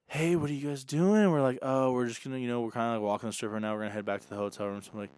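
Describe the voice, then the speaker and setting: A young man co-hosting a podcast, telling an animated story and acting out the dialogue in casual chat. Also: fairly low pitch, rapid-fire, smooth, no room sound, clean studio sound. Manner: animated, acts out quoted dialogue. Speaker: podcast co-host.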